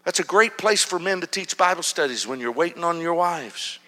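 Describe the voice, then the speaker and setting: A man preaching a storytelling sermon, dropping to a hush and then rising loud and animated. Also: fairly high pitch, normal speed. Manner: animated, swings from hushed to loud. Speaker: pastor. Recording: long hall reverb.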